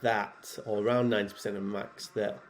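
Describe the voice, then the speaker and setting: A man, head programmer and athlete, talking casually over his own workout footage in a relaxed, chatty way with many fillers. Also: on the low side, brisk.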